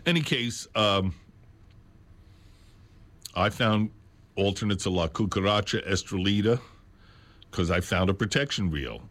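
A low-pitched man speaks slowly and deliberately into a studio microphone, hosting a radio program. He talks unscripted, pausing to spell out details with care. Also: animated, fairly bright tone. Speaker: radio host. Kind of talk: unscripted radio talk about records. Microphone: studio mic on a stand.

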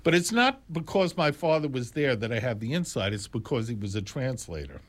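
An older man spins a casual jazz story, animated and full of exclamations. His pitch sits in an ordinary middle range, and he wanders into asides and restarts as he goes. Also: fairly quick. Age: 60s or older.

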